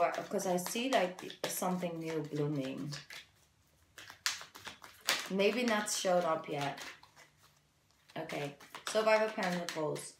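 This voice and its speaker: Low gravelly woman reading tarot. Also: roomy sound, background noise. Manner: chatty, encouraging, fillers like "you know". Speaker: tarot reader. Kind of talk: casual tarot reading to camera.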